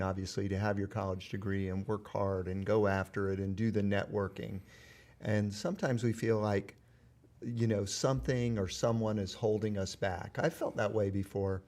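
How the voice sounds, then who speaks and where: A man's voice: lowish voice, a little mellow. A man hosting a conversational interview, affirming and sympathetic toward his guest. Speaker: host.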